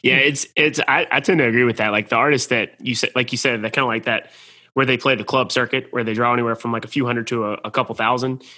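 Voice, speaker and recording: A man's voice: medium pitch, fairly even intonation, fast, sharp tone. A man hosting a country music podcast, chatting casually with lots of filler words. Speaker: podcast host. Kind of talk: casual interview.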